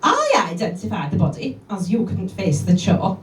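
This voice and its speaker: A woman's voice: mid-range voice, huge pitch swings, moderate pace, hardly any pauses. A woman performing bawdy comic poetry live, with chatty asides between the rhymes. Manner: cheeky, bawdy rhyming delivery with chatty asides. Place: live venue with audience. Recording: echoey room from a distance.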